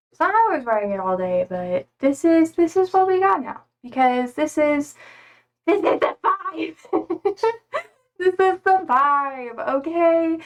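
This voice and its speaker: A woman's voice: a little high, gravelly. A young woman streaming live, chatting casually with her viewers, laughing often and swearing freely. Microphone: streaming setup.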